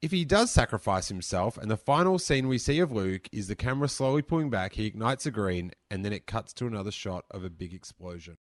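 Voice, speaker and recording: A man's voice: on the low side, animated, a little fast, few pauses, soft background music. A young man hosting a podcast, answering listener questions in a rambling, chatty, self-amused way. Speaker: podcast host. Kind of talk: casual listener Q&A chat.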